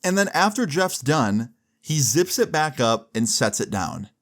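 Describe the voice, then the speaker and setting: A man's voice: on the high side, very animated, a little slow, fairly bright tone. A young man telling a casual story full of crude slang, filling his talk with "like". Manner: crude, casual, many "like" fillers.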